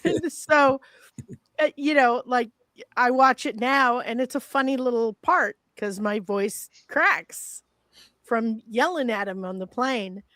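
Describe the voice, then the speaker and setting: Woman in her 50s, gravelly, higher voice, slow unhurried talk, dry sound. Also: no room sound. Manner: reflective, warm storytelling with laughs. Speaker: guest, former child actress. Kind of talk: casual panel chat.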